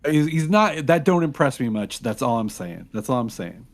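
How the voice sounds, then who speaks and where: A man's voice: medium pitch, big pitch swings, normal speed. Cheeky guy at a tabletop game, bouncy up and down voice. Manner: joking, cheeky. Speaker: player. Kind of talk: tabletop role-play chat.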